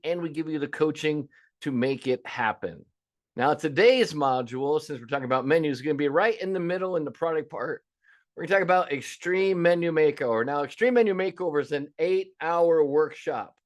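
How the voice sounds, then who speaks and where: Man in his fifties, restaurant coach, webinar lesson, folksy, emphatic. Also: on the high side. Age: 50s. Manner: folksy, emphatic, acts out quoted callers. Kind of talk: webinar teaching.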